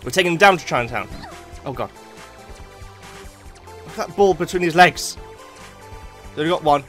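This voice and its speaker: A man giving jokey let's play commentary as a gaming YouTuber, getting excitable and yelping at close calls. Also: on the high side, moderate pace, soft background music. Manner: excitable, jokey, yelps at near misses.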